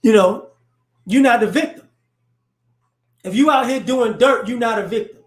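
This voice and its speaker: A man's voice: very high voice, normal speed. A man hosting a live stream, giving blunt, confrontational social commentary off the cuff, rambling and repeating words as he builds each point. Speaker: livestream host. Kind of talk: unscripted social commentary rant. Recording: roomy echo.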